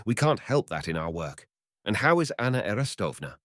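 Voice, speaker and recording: A man's voice: on the low side, big pitch swings, fairly quick, fairly bright tone, no echo, studio quality, pitched above the performer's own voice. A man voicing a timid, tearful young barber. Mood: polite.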